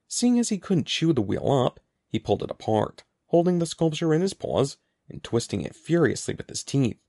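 Gravelly, animated storybook narrator, man. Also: mid-range voice, dry recording, studio quality. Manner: lively, expressive reading. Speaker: audiobook narrator.

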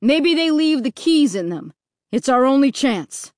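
A woman voicing a father who calls out excitedly and encouragingly. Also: sits high, a little slow, no echo, studio quality. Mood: eager. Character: eager hopeful father.

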